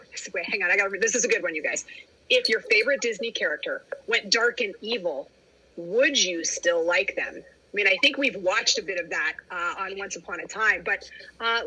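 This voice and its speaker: A woman moderator running a live-streamed fan panel, reading questions and plugging autographs. Her voice is bright and slightly husky. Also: medium pitch, rough recording.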